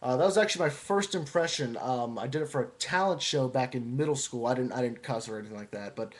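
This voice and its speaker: A young man talking casually, introducing his impressions with relaxed, chatty asides. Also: mid-range voice, fast. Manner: relaxed, chatty, hesitant with fillers. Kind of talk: casual video monologue.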